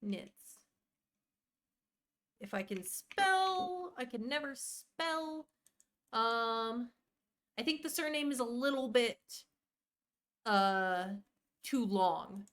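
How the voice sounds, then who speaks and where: A woman's voice: fairly high pitch, takes it slowly, pauses often. Chatty woman streaming a game. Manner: chatty, rambling, warmly greets viewers by name. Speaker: live streamer. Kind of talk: casual live-stream chat while playing.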